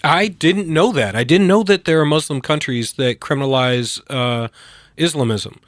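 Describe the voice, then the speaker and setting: A man's voice: a little high, moderate pace, no echo, studio quality. A man hosting a political interview, talking casually and with animation, sometimes slipping into mimicked voices. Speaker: show host.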